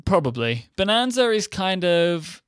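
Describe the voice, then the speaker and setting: A man's voice: high-pitched, unhurried, clear, resonant tone, no echo. A young man co-hosting a podcast, chatting casually and rambling with dry, joking asides. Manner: rambling, deadpan jokey. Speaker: podcast co-host. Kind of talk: casual banter.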